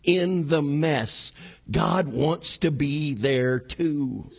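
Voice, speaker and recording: A man's voice: fairly high pitch, drawn-out words, vocal fry, slightly rough, muffled recording. A man in his thirties preaching a sermon in a church, acting out everyday scenes in quoted voices. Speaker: pastor. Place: church sanctuary.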